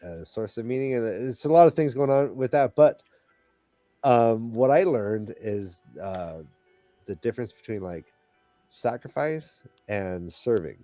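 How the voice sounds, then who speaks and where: Halting, emotional man on a podcast. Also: mid-range voice, animated, dark tone, dry recording, soft background music. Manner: halting, many restarts, heartfelt. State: holding back tears. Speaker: podcast co-host. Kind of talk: casual panel chat.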